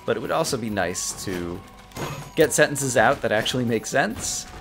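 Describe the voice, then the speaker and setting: A man giving casual let's-play commentary, talking fast, tripping over his words and getting excitable, with game music behind him. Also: medium pitch. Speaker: gaming video host.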